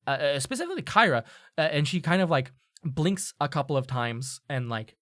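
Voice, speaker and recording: A man's voice: on the high side, very animated, brisk, a bit bright, dry recording, studio quality. A man narrating as game master of a tabletop game, casual and loose with many fillers and restarts.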